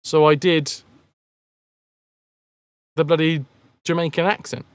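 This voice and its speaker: A man's voice: on the high side, level tone, slow, clear, resonant tone, dry recording. A man chatting casually on a game live stream, rambling and joking as he answers chat messages.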